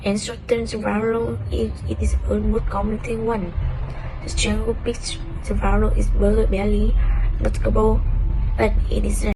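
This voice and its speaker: A woman with a Vietnamese accent reading a lesson script on word stress in a flat, halting way. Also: medium pitch, music in the background, poor audio. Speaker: student presenter.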